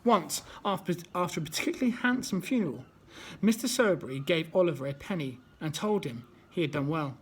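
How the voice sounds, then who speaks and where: A man's voice: fairly high pitch, lively intonation, a little fast, fairly bright tone, husky. A man reading a children's book aloud as a storyteller, unpolished and often restarting.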